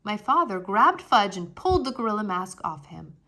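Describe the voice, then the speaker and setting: Bright, animated woman reader, expressive children's book read-aloud. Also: mid-range voice, normal speed. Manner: expressive, storytelling.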